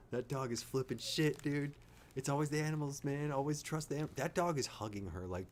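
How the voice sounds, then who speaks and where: A man giving rambling, excitable live reaction commentary, swearing and laughing often. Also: medium pitch, brisk, a little hiss or hum. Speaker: reaction streamer.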